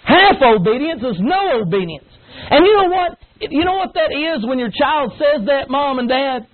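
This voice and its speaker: A man's voice: very high-pitched, very animated, normal speed. A middle-aged man, preaching an emphatic, folksy sermon to young people. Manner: folksy, emphatic, acts out whining kids with grunts. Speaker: pastor preaching to youth. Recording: tinny phone-like line, faint noise.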